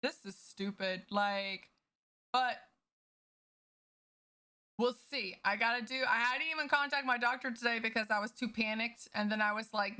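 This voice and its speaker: A woman's voice: on the high side, sharp tone. A woman livestreamer chatting casually with her viewers, candid and profane as she vents. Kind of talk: casual chat with stream viewers.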